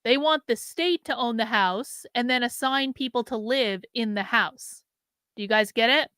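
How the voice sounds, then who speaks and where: A woman hosting a livestream, talking back to her chat with a sarcastic edge and many quick restarts. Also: on the high side, a bit bright, clean tone, no room sound. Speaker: show host. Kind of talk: livestream commentary.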